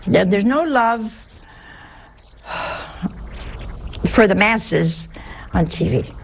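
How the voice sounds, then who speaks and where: Slow gravelly older nun preaching. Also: female voice, medium pitch, lively intonation, a little hiss or hum. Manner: conversational, humorous storytelling with sighs and rhetorical questions. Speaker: nun giving a religious talk. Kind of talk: folksy homily.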